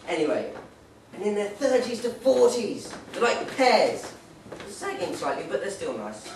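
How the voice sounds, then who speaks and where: A man's voice: sits high, expressive, moderate pace, a little mellow, recorded from a distance, a little hiss or hum. Young man doing stand-up in an echoey pub. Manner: rambling, joking, playful put-on voices. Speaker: stand-up comedian. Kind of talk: stand-up comedy set. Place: pub stage.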